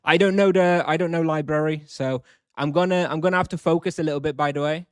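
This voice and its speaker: A man's voice: on the high side, fairly even intonation, fast, clean tone, no echo, studio quality. A man live-streaming a video game, thinking aloud, chatting casually and answering questions from chat.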